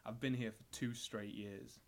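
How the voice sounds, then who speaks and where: A man's voice: mid-range voice, steady tone, a little slow, natural voice. A young man voicing a grizzled, sassy friend who has been stranded for years, in a sly, teasing delivery. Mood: matter-of-fact.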